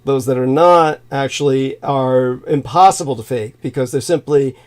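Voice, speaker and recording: A co-host on a livestream, this California man has a mid-range, slightly mellow voice at normal speed. He lectures insistently in the conversation and talks over people when they interrupt.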